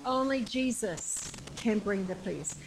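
A woman preaching a sermon with passion, repeating phrases and shouting the climactic lines. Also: medium pitch, lively intonation, takes it slowly, a little hiss or hum, rough recording.

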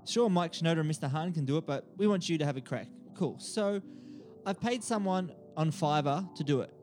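Casting: Australian male podcast host, a touch high-voiced, playful and chuckly, faint music behind. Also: expressive, brisk, a little mellow. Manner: jokey, chuckles while reading. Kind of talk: casual podcast chat and reading aloud.

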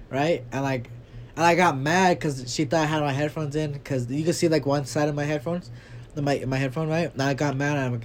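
Young man telling animated stories. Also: a little high, brisk, a little hiss or hum. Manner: animated storyteller, acts out quotes loudly. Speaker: podcast co-host. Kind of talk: casual chat.

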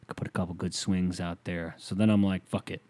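A young man hosting a podcast alone, rambling through a profane, casual story and now and then breaking into loud whoops. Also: low voice, little pitch movement, fairly quick. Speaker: podcast host. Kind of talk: casual solo podcast rant.

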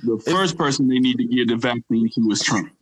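Male co-host, middle pitch, plain matter-of-fact delivery. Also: a little fast, breathy edge, low-quality recording. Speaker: podcast co-host. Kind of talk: casual chat.

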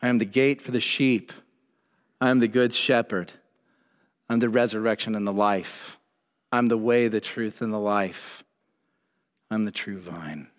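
A man preaching a sermon as pastor, telling Bible stories with animated emphasis. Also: on the low side, unhurried, long pauses. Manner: animated storytelling, voices God and Moses in retellings. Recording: church hall with long reverb.

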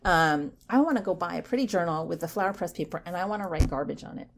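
A woman hosts a casual self-help podcast in a playful, animated way, her voice sitting a little low for a woman. She drops into hushed asides, then lifts into bright, emphatic bursts. When she reads poetry, she turns slow and soft. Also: slight background noise. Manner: reads poetry slowly and softly. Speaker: podcast host.

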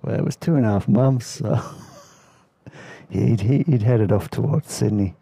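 In a dry recording, a man narrates rambling travel stories in an unhurried, mid-range voice that's dark, breathy-edged, and full of vocal fry. As a podcast host and storyteller, he keeps this spoken travel memoir casual and laid-back, laughing now and then.

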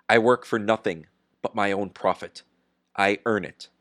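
A man reading the part of a defiant industrialist on trial, speaking gravely and firmly. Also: lowish voice, a bit bright, no room sound, studio quality. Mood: calm. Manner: grave, measured and firm. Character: defiant steel industrialist on trial, calm and unyielding. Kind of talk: audiobook character reading.

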